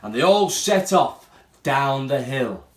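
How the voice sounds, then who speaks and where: Slow, expressive man reading a picture book. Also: medium pitch. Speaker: primary school teacher. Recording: roomy room echo.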